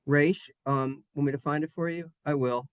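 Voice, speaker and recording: A Hebrew teacher leading a children's reading lesson, animated and encouraging and repeating key phrases. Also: medium pitch, normal speed, smooth, dry recording.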